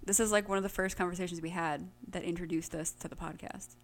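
A woman's voice: on the low side, fairly even intonation, fast. A woman co-hosting a casual podcast chat, telling stories in a chatty way with many fillers. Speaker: podcast co-host.

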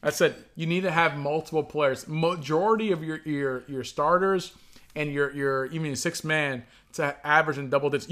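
A man co-hosting a casual sports podcast. He teases his partner and walks through the numbers, his voice a little high and bright, with a forceful edge. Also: moderate pace. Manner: teasing, analytical banter. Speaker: podcast co-host.

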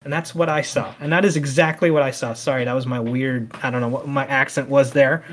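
A man hosting a casual podcast chat, talking in animated, heated rants. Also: medium pitch, brisk. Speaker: podcast host.

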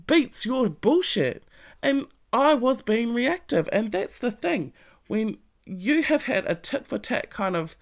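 Blunt, creaky-voiced motivational vlogger. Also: mid-range voice. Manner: blunt, emphatic and profane; speaks straight to the listener with pointed questions. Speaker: self-help vlogger. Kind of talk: motivational monologue to camera.

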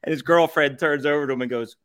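A man's voice: a little high, steady tone, fast talker, a bit bright. A man, a podcast guest telling stories in a casual, rambling way with frequent laughs and filler words. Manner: rambling, laughs often, many fillers and restarts. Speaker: podcast guest, co-founder of a food review group. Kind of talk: casual storytelling chat.

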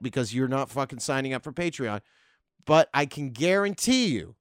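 A man's voice: a little high, smooth, no room sound, studio quality. A man in his thirties hosting a podcast, delivering a profane, sarcastic, rambling comedic rant monologue. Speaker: podcast host.

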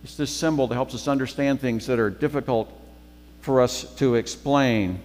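A man's voice: mid-range voice, moderate pace, darkish tone, long reverb tail. A man giving a sermon as guest preacher, conversational, repeating phrases for emphasis.

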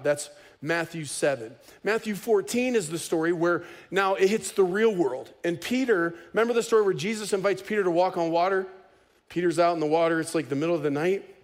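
A man preaching a sermon as pastor, conversational and animated, with casual humor. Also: high-pitched.

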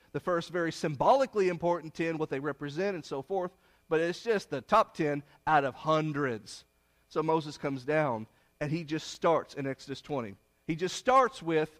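A man preaching a sermon, retelling a story with rhetorical questions and swinging between loud emphasis and hushed low phrases.

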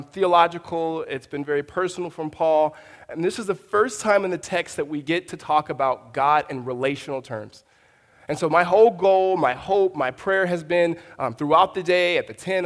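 A man's voice: a little high, in a large hall. A man preaching a sermon as a pastor, conversational, often restarting his sentences and telling stories. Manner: conversational, with frequent restarts and storytelling asides.

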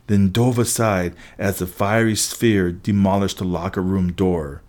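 A man reading a first-person adventure story aloud as an audiobook narrator, brisk, with occasional restarts. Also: deep voice, steady tone, a little mellow.

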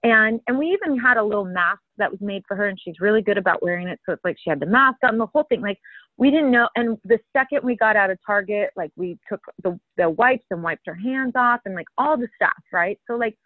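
A woman's voice: medium pitch, animated, brisk, no room sound. A woman recounts a story in loose, filler-heavy casual chat. Her voice arrives thin and tinny, as if over a phone line, with no room sound at all. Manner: rambling storyteller, many fillers.

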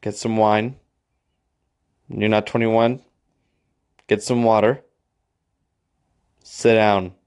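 A man's voice: on the low side, flat delivery, extremely slow, long pauses, darkish tone, clear, resonant tone. A man voicing a rejection letter as an awkward, rambling young man, overly casual and fumbling. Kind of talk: comedic impression.

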